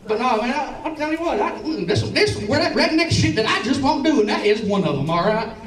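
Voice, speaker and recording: A man's voice: very high voice, lively intonation, quick pace, soft background music. A man with a Southern Alabama accent doing a stand-up set, telling rambling, profane stories with lots of stammers and restarts. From Alabama and Tennessee. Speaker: stand-up comedian. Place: comedy club stage. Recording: roomy club sound from a distance.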